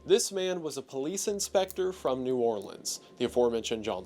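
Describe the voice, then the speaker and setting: A young man tells a story in a relaxed, chatty narration with an animated, lively rise and fall. Faint music sits behind his voice. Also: mid-range voice, fairly quick. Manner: relaxed, conversational, slightly joking. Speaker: video essay narrator.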